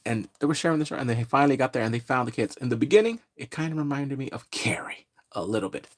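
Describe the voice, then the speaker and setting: A man's voice: mid-range voice, expressive. A man giving a rambling, casual live-stream recap, greeting viewers and laughing often. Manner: slips into quick exaggerated character voices. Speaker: live-streaming pop culture reviewer.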